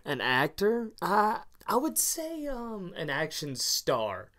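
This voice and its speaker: Slow-talking laughing man, podcast co-host. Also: high-pitched, wildly swooping pitch, bright, forceful tone. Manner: laughs often, joking and rambling. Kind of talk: casual chat.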